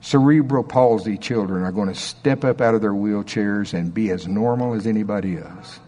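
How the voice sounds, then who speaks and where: A man's voice: on the low side, normal speed, dark tone, big-room sound. A middle-aged man preaching a sermon in a conversational storytelling way, with asides and rhetorical questions to the congregation. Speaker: pastor.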